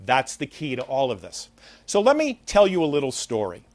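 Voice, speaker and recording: A man's voice: medium pitch, wildly swooping pitch, normal speed, dry recording. A man hosting a talk show, giving an earnest, preachy motivational monologue and telling a fable.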